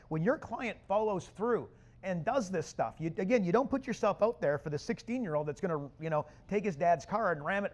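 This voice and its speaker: A man presenting a live business seminar to an audience, loud, punchy and casual with slang. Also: high-pitched. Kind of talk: energetic live seminar talk. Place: conference room with an audience.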